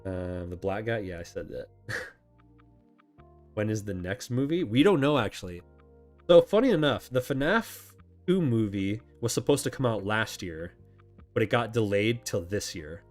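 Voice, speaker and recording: Chatty low-voiced man with lively pitch. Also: measured pace, soft background music. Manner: chatty, rambling, self-correcting, laughs often. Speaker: channel host answering viewer questions. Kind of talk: casual live chat.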